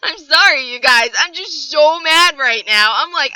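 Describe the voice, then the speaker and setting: A young woman reviewing a book on a podcast, ranting in an exasperated, animated way and swearing freely. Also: high voice, fairly quick, dry recording, poor audio.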